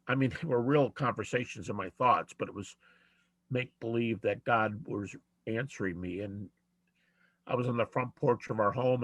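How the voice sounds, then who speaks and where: Low, dry-voiced older man, slow and earnest. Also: no echo. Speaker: guest author. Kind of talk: personal storytelling in a Q&A.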